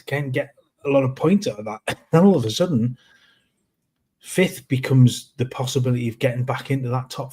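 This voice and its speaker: A man co-hosting a football reaction stream, his voice a touch husky. He talks through league positions in a measured way, often restarting his phrases. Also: mid-range voice, a little mellow. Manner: measured, analytical, many restarts. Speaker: football podcast co-host. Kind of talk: live post-match reaction chat.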